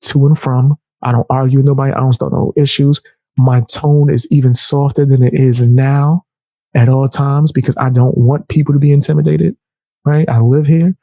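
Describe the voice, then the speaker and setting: A young man telling a heated personal story in casual, animated speech, raising his voice to act out the people he quotes. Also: medium pitch, normal speed, vocal fry, no room sound. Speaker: storyteller vlogger.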